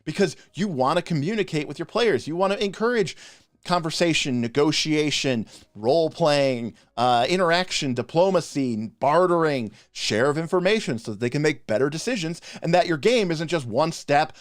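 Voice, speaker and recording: A man co-hosting a live stream, ranting passionately in a casual, animated way with frequent restarts. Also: on the high side, moderate pace, dry recording, clean studio sound. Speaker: podcast co-host reviewing game spells.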